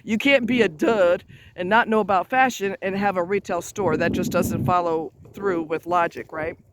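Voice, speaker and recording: A man with a notably high voice speaks straight to camera from outdoors near a road. He is emphatic and blunt, drifting into chatty asides, with a faint hum of passing traffic behind him. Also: fairly even intonation, moderate pace. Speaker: advice vlogger. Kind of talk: casual advice monologue.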